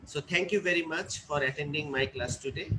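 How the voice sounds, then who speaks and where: A man's voice: fairly high pitch, a little fast, bright, forceful tone, slight background noise, poor audio. A man lecturing a class, often repeating points and checking that students follow. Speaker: teacher.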